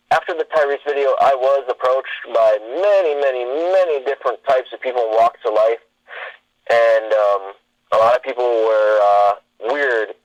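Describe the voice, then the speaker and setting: A man's voice: medium pitch, dry recording, muffled recording. A man, a guest on a talk show, telling stories in a rambling way with many fillers and restarts. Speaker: podcast guest. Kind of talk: casual interview storytelling.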